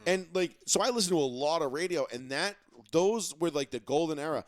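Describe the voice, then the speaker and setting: A man's voice: fairly high pitch, lively intonation, fairly quick. Profane, rambling male podcast co-host. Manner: profane, rambling, many restarts. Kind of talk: casual chat. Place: studio.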